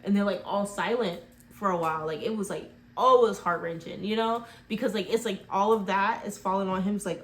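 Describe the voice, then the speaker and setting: A woman's voice: mid-range voice, brisk, few pauses, a bit bright, slight background noise. Rambling chatty woman retelling a movie. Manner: rambling, heavy use of "like" fillers.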